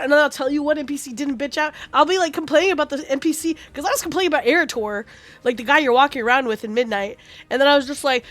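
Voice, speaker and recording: A woman's voice: high-pitched, fast talker, a bit bright, dry recording. A woman streaming a game, chatting casually in a rambling, profane and passionate way. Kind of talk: casual gaming stream chat.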